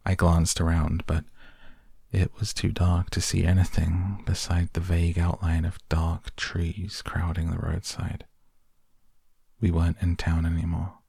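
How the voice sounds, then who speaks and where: A man narrating a story in a measured, even way, reading an audiobook. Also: deep voice, creaky, slightly rough, dry recording, clean studio sound.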